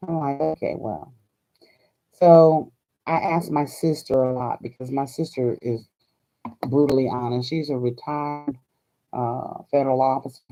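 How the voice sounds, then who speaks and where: A woman's voice: a bass voice, fairly even intonation, normal speed, mellow, low-quality recording. An older woman from Hawaii hosting a crafting vlog, chatting in a folksy, chatty way and laughing often. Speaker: crafting channel host.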